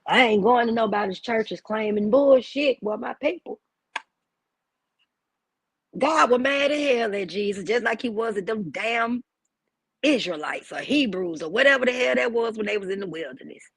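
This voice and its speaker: A woman's voice: fairly high pitch, lively intonation, moderate pace, slightly rough, dry recording. A woman hosting a livestream, ranting in a blunt, profane and preachy way. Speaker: livestream host. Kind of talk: heated livestream rant.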